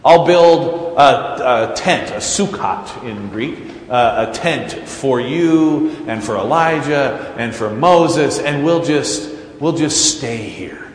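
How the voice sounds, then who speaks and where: A man's voice: mid-range voice, animated, takes it slowly, hardly any pauses, roomy sound, in a large hall. A man voicing a starstruck male disciple who chatters eagerly and effusively. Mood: gushing.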